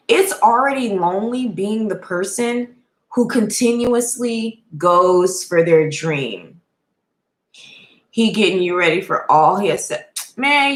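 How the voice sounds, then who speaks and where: A woman's voice: fairly high pitch, fairly bright tone, echoey room, poor audio. A woman chatting casually on a live stream, speaking heartfelt and straight to her viewers and answering their comments.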